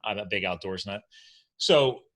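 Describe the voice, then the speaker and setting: A man hosting a podcast interview, chatting casually and playfully, jumping up in pitch when he jokes. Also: measured pace. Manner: animated, playful, jumps up in pitch when joking. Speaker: podcast host. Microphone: video call.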